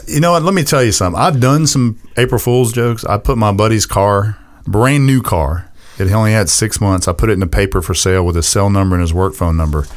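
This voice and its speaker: A man's voice: on the low side, fairly quick. A man co-hosting a casual radio talk show, joking and laughing often as he tells stories and explains real estate. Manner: animated, jokey, laughs often. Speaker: real estate agent and co-host.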